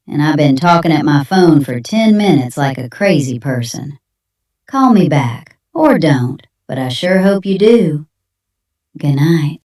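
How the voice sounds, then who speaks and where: A woman's voice: low voice, mellow, echoey room, far from the mic. An AI voice playing a young Southern woman with a Southern accent, leaving a plain-spoken, defiant voicemail. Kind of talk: AI voice reading a monologue.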